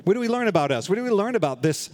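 A man's voice: sits high, sing-song, very fast, darkish tone. A man preaching a sermon to his congregation, earnest and conversational, often restarting phrases and adding light humorous asides. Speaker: pastor.

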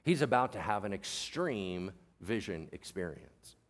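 A man preaching a sermon as pastor, animated and joking, acting out the voices of people in the story. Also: on the low side, measured pace. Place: church.

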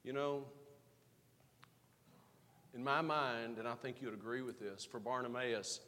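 Guy preaching a sunday sermon, medium pitched voice, big echoey church hall. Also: fairly even intonation, unhurried. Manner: preaching with rising emphasis and quiet asides. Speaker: pastor.

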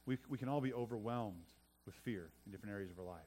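A middle-aged man, a pastor, preaching a sermon to his congregation, often repeating words and swinging between loud and soft for emphasis. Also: on the low side, fast.

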